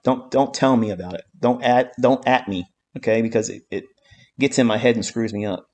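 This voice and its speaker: A man's voice: mid-range voice, brisk, a little mellow. A man giving a live-streamed trading lesson, talking bluntly and emphatically, swearing often and repeating his points. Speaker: trading mentor.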